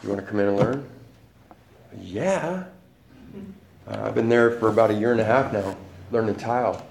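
A man's voice: on the low side, darkish tone. Man, candid testimony, profane, laughs often, echoey room, background noise. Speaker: speaker at a recovery meeting. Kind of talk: personal testimony.

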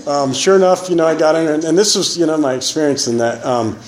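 A man's voice: on the high side, fast, darkish tone, roomy sound, poor audio. A man sharing his recovery testimony in a rambling, casual way, full of "man" and "you know". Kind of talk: personal testimony.

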